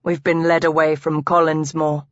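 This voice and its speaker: A woman's voice: deep voice, level tone, normal speed, no echo, lo-fi sound, lightly acted. A woman voicing a young nobleman who speaks with urgent worry. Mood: uneasy. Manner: urgent, worried. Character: young nobleman, anxious and alert.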